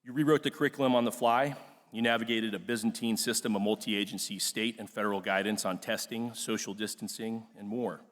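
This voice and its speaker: A man's voice: fairly low pitch, steady tone, a little fast, a bit bright. A young man, class president, giving an earnest, emotional ceremony speech with frequent fillers in a large auditorium. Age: young adult. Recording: long hall reverb.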